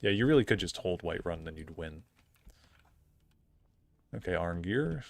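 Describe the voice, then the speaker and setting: A man's voice: deep voice, expressive, normal speed, creaky, no echo. A young man streaming a game, chatting casually in a rambling, opinionated way full of fillers. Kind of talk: casual gameplay commentary.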